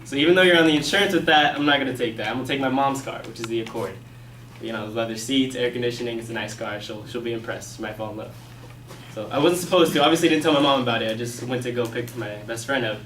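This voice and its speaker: A young man telling a personal story in a casual, animated way, acting out his own past lines. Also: mid-range voice, fast talker, slight background noise. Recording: echoey room, mic from a distance.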